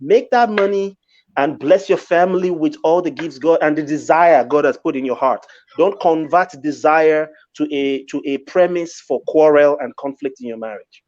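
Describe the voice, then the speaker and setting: A man's voice: on the high side, moderate pace, darkish tone, muffled recording. A man co-hosting a relationship advice talk, urging listeners on like a preacher and calling them sister. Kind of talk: casual advice chat.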